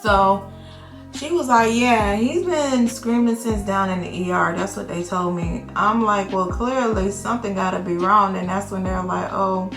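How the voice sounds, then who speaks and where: Slow-talking chatty woman vlogger. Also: medium pitch, reverberant, music in the background. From Florida. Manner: animated, slangy, acts out quotes. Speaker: travel nurse vlogger. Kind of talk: casual storytime chat.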